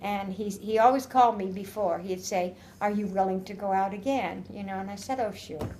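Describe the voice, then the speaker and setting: A woman's voice: medium pitch, a little fast, a little mellow, a little hiss or hum. An older woman telling an oral history story in a chatty, rambling way, quoting old conversations and often laughing. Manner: chatty, rambling with restarts and quoted dialogue. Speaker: interviewee.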